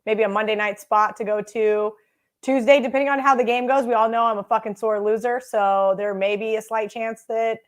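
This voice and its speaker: A woman's voice: on the high side, fairly even intonation, a little fast. Brash, swearing young woman co-host. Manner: brash, self-mocking, swears freely. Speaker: sports betting show co-host. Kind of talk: casual live sports chat. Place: home studio with green screen.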